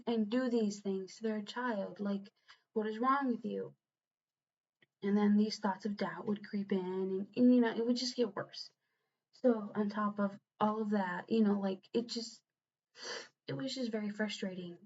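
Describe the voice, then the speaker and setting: A young woman speaks in a confessional vlog, earnest and halting, often breaking off and starting her sentences again. Her voice sits at an ordinary middle pitch for a woman. The recording sounds slightly dull and lo-fi. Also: dark tone. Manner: halting, earnest, with frequent restarts. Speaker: vlogger and new mother.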